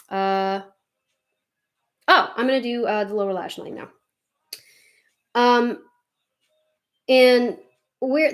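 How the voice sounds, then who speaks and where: A young woman chatting casually while doing her makeup, rambling and swearing freely as she gets heated. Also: mid-range voice. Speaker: vlogger doing a makeup tutorial.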